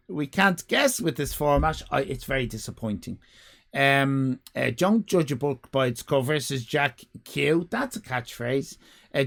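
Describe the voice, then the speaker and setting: Irish guy streaming, gravelly voice, super animated, swearing, jumping up and down in pitch. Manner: animated comic ranting, swears freely, big pitch jumps. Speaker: live streamer reading chat. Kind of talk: casual live-stream chat.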